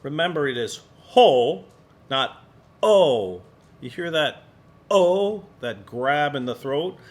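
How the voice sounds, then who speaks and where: Calm male voice teacher. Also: medium pitch, moderate pace. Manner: calm, encouraging instructor, demonstrates sung vowels. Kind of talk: vocal warm-up lesson. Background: piano accompaniment.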